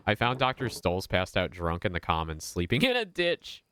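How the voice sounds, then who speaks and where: A man's voice: low-pitched, wildly swooping pitch, normal speed, pushed and bright, clean tone, no room sound, heavily acted. A man reading a forthright young woman. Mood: plain.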